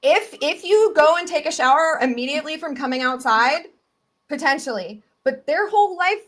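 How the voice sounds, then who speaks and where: A Southern US woman talks in a bright, high voice. She chats in a casual video podcast, animated and eager, often breaking into quick asides as she explains. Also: a loud crowd. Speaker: guest tick researcher.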